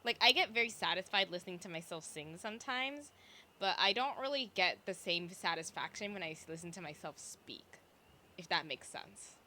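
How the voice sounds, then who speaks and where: Young woman, streamer, casual chat, vocal fry, bright tone. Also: on the low side, expressive, normal speed, a little hiss or hum. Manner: chatty, rambling with fillers and self-interruptions.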